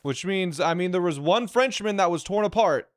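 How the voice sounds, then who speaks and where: A man streaming a puzzle game, thinking aloud in live commentary, excited and quick to repeat himself. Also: sits high, no room sound, soft background music.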